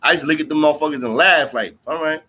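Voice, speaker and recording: A man's voice: fairly high pitch, very fast, bright, forceful tone, husky. A man hosting a livestream, telling a story in casual street slang, cursing freely, repeating lines for emphasis and calling listeners bro and twin. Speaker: livestream host talking to viewers.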